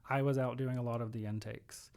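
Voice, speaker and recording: Man telling stories with animated quoted voices. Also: mid-range voice, a little fast, vocal fry. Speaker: podcast guest, home care executive. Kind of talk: conversational storytelling.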